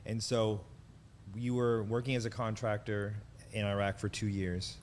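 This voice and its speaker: A man's voice: lowish voice, level tone, a little slow, darkish tone, slight background noise. A man hosting a podcast, asking questions and giving brief affirming replies. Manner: affirming, brief back-channels. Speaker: podcast host. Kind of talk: interview questions.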